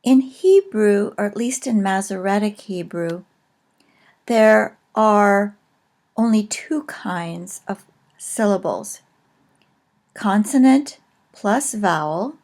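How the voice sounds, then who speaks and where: A woman teaching a recorded lesson, explaining slowly and carefully with frequent pauses. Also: medium pitch, a little mellow. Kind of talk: recorded lecture on a language.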